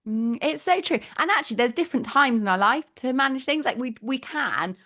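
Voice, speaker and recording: A woman's voice: high voice, animated, fairly quick, fairly bright tone. A woman hosting a podcast, talking in a reflective, reassuring way. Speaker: podcast host, midwife. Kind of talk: casual chat.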